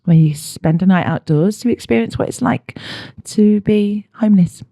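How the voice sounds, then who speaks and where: A chatty woman co-hosting a casual podcast, earnest and quick to giggle. Her voice sounds close and dry, with a middling pitch. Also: dark tone, no room sound. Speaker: singer and stand-in co-host. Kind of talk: casual chat.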